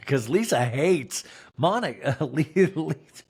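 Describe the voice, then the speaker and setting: A man's voice: a little high, big pitch swings, brisk, husky. A man hosting a podcast, giving a comedic recap of a reality show with sarcastic, swearing asides and acted-out quotes. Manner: acts out quoted people in shifting voices. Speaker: podcast host.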